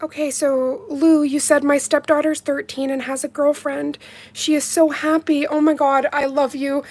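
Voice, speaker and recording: A woman with a fairly high voice, hosting a casual livestream from her home. She talks warmly and heartfelt to her viewers, gushing over each one by name as she reads their comments. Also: little pitch movement, normal speed. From Canada. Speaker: livestream host reviewing nail polish.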